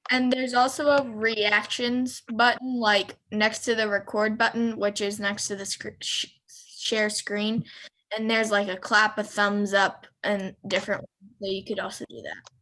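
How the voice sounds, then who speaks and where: A woman's voice: medium pitch, flat delivery, unhurried, sharp tone, rough recording. A woman student helpfully explaining something in an online class.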